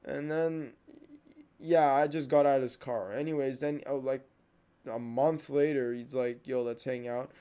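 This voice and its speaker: Young man venting in a smooth voice. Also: mid-range voice, steady tone, a little slow, mellow. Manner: heated, venting, repeats himself. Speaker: podcast host. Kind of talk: casual monologue.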